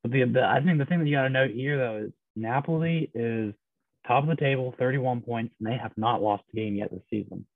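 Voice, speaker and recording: A man co-hosting a casual sports podcast, chiming in with short, dry remarks and quick asides. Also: mid-range voice, no echo. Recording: tinny phone-like sound, dry.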